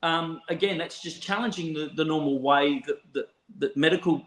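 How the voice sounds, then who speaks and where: A man with an Australian accent telling a story from his counselling work in a relaxed chat, laughing often and restarting sentences. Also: a little high, normal speed. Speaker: counsellor, podcast guest. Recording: roomy echo.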